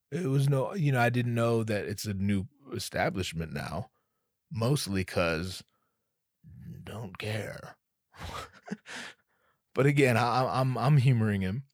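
In studio-quality audio with no room sound, a male comedian spins a comic tale in his mid-range voice. The telling is loose and meandering, full of profanity, verbal stumbles, and self-interruptions.

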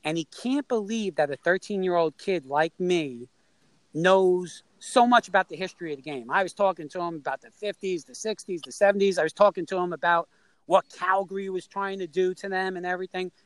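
A middle-aged man from New York tells a story in a relaxed, conversational way. His voice sits fairly high, and he keeps jumping into the voices of the people in it. The sound is close and dry, with no room around it. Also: a little fast, no room sound, low-quality recording. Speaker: storyteller guest. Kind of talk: casual anecdote telling.

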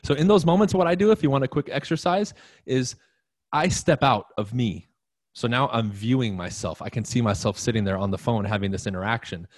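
A man's voice: medium pitch, animated, a little fast, no room sound, studio quality. A man coaching salespeople in a live-streamed talk, emphatic and blunt, swearing now and then as he addresses the listener directly. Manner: emphatic, profane, talks straight to the listener. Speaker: real estate coach.

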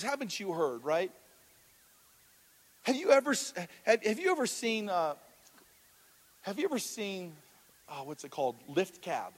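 Pastor guy preaching, pretty high voice, lots of restarts, big reverby church hall. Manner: storytelling with audience questions, frequent restarts. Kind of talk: sermon.

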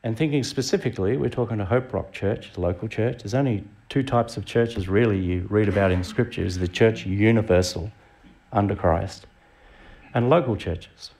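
With a low-leaning, slightly mellow voice at a moderate pace, this middle-aged Australian guest preacher chats his way through a sermon, throwing rhetorical questions at the congregation.

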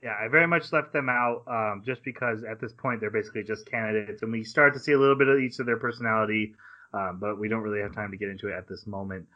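A man hosting a casual podcast, retelling anime scenes in a lively way and acting out quick quotes from the characters. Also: lowish voice. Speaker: podcast host. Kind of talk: casual recap of an anime episode. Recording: slightly dull lo-fi podcast audio.

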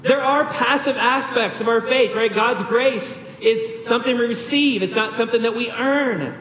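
A man pastor delivers an emphatic, earnest sermon, pressing his points with rhetorical questions. His voice sits high for a man. The sound rings through a long, reverberant sanctuary with a faint room hum behind it. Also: moderate pace, fairly bright tone.

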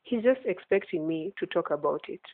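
Lady podcast host chatting earnestly, lowish voice, sounds like it's over a phone. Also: expressive, brisk, no echo. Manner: earnest, laughs often. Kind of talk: casual faith podcast chat. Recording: tinny phone-like line, dry.

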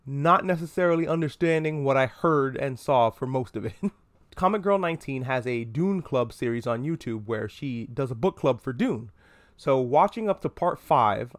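A man hosting a comedic pop-culture podcast, talking in an animated, profane and self-mocking way. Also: a little high. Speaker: podcast host.

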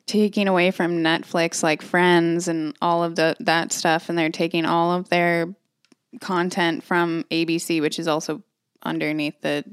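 A young woman talks casually in a relaxed drawl full of fillers. Her voice sits a little low and sounds smooth and clear, with a dry, close sound. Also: measured pace, no room sound. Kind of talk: casual chat.

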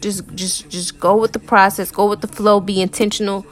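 A woman's voice: mid-range voice, flat delivery, normal speed. A woman tarot reader giving a casual, encouraging pep talk to her viewers, talking loosely with lots of "y'all" and "man" and repeated phrases. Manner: conversational, repeats herself, uses "y'all" and "man".

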